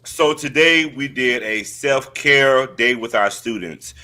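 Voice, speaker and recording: Male co-host, bright, sharp tone, upbeat and sincere, talking over a video call. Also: mid-range voice, slow. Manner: upbeat, earnest, laughs easily. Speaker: school leader and co-host. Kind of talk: casual chat.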